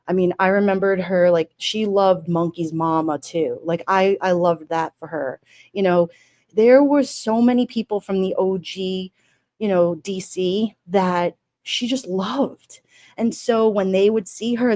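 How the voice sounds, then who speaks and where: A woman hosting a livestream, talking warmly and emotionally in a rambling way and reading chat comments aloud. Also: mid-range voice. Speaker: livestream host. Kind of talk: casual livestream memorial talk.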